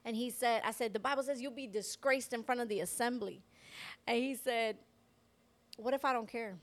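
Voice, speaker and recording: A woman co-hosting a Christian podcast, telling a personal testimony in a lively way and acting out the voices of the people in her story. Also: fairly high pitch, normal speed. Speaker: podcast co-host. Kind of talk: personal faith testimony in casual chat.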